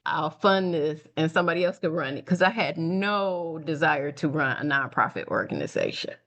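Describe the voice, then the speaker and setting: A middle-aged Detroit woman, a nonprofit founder and speaker, tells her story as an interview guest in a conversational way. She is animated, laughs easily, and acts out the voices of people she quotes. Her voice sits low at a normal speed, and the highs are cut off.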